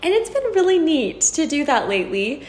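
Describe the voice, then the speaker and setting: A woman's voice: sits high, very animated, a little fast, roomy sound, a little hiss or hum. A young woman co-hosting a podcast, chatting casually about motherhood with lots of "like" and small laughs. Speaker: podcast co-host, mom. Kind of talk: casual chat.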